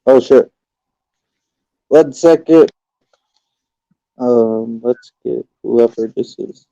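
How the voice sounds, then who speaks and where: Laid-back swearing stream host, dry sound. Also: male voice, medium pitch, drawn-out words, creaky, mellow, dry recording, dull audio. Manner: laid-back, swears casually, laughs easily. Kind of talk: casual chat.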